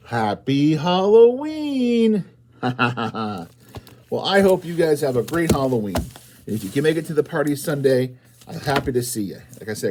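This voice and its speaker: A man reading a picture book aloud to young children at storytime, asking them questions and bursting into loud exclamations. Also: mid-range voice, a little hiss or hum.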